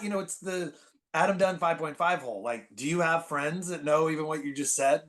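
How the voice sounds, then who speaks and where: Animated man telling baseball stories. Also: a little high, a little fast. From San Francisco Bay Area. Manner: animated, filler-heavy, constant "like". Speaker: podcast guest. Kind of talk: casual storytelling chat.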